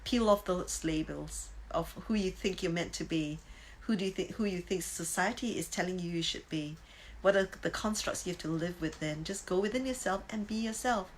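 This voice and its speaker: Woman, 50s, chatty course teacher, lowish pitch, faint hiss. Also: normal speed, rough recording. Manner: chatty, tags lines with "right?"; bursts into high exclaims. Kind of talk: casual teaching talk.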